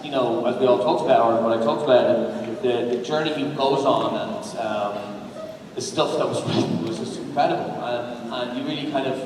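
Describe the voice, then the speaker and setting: Rambling man on an echoey convention stage. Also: medium pitch. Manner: rambling, halting, with many fillers. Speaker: actor on a fan convention panel. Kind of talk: casual panel talk. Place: large convention hall. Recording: echoey hall, distant fan recording, crowd noise. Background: audience murmur and hall noise.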